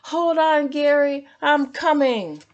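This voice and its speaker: A woman voicing a frantic male sea sponge coach who yells at his snail. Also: slow pace, highs cut off. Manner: shrill, yelling.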